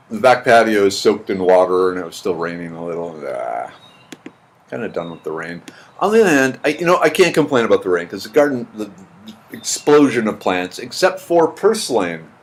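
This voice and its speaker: A man hosting a casual live stream at home, greeting viewers by name and rambling with dry jokes into his computer's built-in mic. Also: on the low side. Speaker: live stream host reading chat. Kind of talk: casual chat. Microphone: computer's built-in mic, not his usual one.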